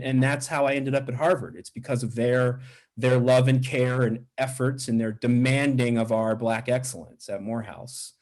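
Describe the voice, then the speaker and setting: Middle-aged male professor, interview guest; lively storyteller who mimics the people in his stories, mid-range voice. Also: mid-range voice. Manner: animated, acts out quoted voices, frequent restarts.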